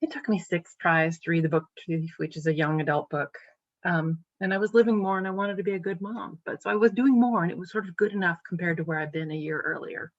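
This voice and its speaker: A woman's voice: on the low side, fast talker, no echo. A woman in her forties from New England with a Boston-area accent, a podcast guest telling her recovery story with feeling and many ums. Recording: dry, dull lo-fi audio.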